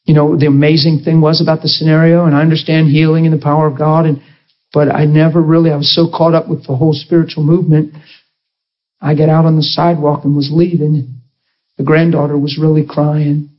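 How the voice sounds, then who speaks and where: A man's voice: fairly high pitch, level tone, fairly quick, muffled recording. A man preaching to a congregation and telling an emotional story, acting out the voices of the people in it. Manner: emotional, acts out quoted voices. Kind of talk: storytelling sermon.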